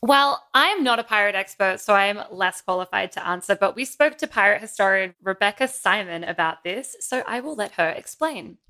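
A woman co-hosting a podcast, bubbly and quick to laugh. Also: medium pitch, lively intonation, bright, forceful tone. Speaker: podcast co-host. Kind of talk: casual chat.

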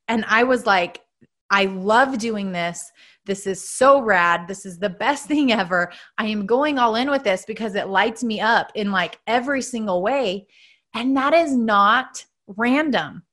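A woman's voice: a little high, fairly bright tone. A woman in her thirties hosting a podcast, talking in an earnest, chatty motivational monologue and laughing often. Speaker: podcast host.

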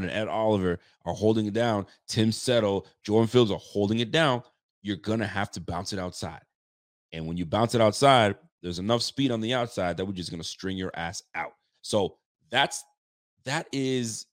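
A man's voice: on the low side, no room sound, clean studio sound. A man hosting a casual live-stream football talk show, chatty and repeating phrases for emphasis. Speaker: sports talk show host.

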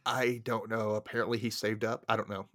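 A man's voice: lowish voice, flat delivery, brisk, dry recording, studio quality. A man hosting a podcast, recapping a movie in a casual, laid-back way and acting out the characters' lines. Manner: laid-back, acts out characters with sudden loud yelps. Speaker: podcast host.

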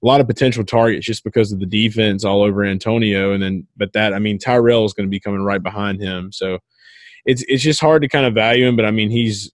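A man with a lowish voice talks football in a loose, rambling podcast chat. He fills his sentences with "like" and "I mean." The sound is dry and close, with no room around it. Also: fairly even intonation, quick pace, no room sound. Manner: rambling, lots of filler words. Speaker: podcast co-host. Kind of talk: casual sports chat.

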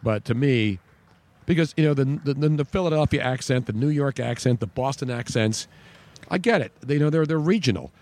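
A man hosts a radio talk show, chatting freely and pushing a sponsor's pitch. He stresses points by repeating words. His voice sits at an ordinary middle pitch for a man. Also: lively intonation, brisk, a little mellow. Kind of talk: casual sports talk with live ad reads.

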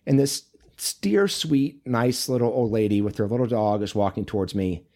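A man's voice: medium pitch, moderate pace, mellow. A man who is a men's coach and author, guest on an interview show, telling stories in a casual, earnest, rambling way.

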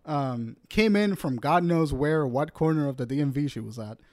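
Brief: male podcast co-host, higher voice, swearing storyteller, dry close sound. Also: moderate pace, no echo. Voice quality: profane, animated storyteller. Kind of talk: casual storytelling chat.

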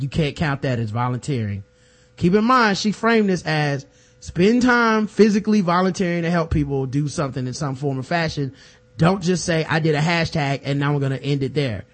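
A man co-hosting a podcast in casual, profane, joking chat. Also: medium pitch. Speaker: podcast co-host.

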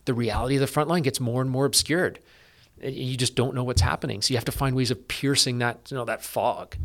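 A middle-aged man from Canada, a police officer guest, talking in a casual interview with lots of fillers and restarts. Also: mid-range voice. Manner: energetic, quick, with many fillers and restarts.

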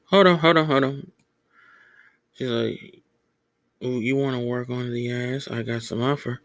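A man's voice: mid-range voice, steady tone, unhurried, fairly bright tone, no room sound. A young man hosting a podcast, rambling casually and profanely, often stumbling over his words. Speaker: podcast host.

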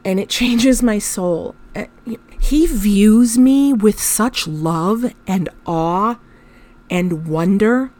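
A woman's voice: medium pitch, takes it slowly, darkish tone. A woman hosting a podcast, telling a personal story in a candid, emotional way, with frank swearing and laughter through her telling. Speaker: podcast host.

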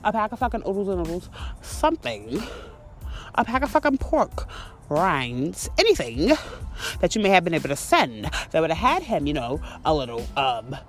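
A woman on a podcast, venting in a fiery, swear-filled rant. Her low-set voice leaps high and drops with wide, lively swings, over faint music. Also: normal speed. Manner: profane, heated, animated storytelling. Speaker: podcast host. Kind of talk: ranting monologue.

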